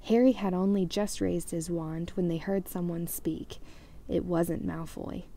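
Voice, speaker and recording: Low gravelly woman reading a storybook. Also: measured pace. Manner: expressive reading, lively character voices. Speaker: audiobook reader. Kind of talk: reading a novel aloud.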